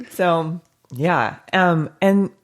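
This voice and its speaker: A woman hosting a podcast in a studio, a counselor who chats frankly and laughs often. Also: fairly low pitch. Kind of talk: casual podcast chat.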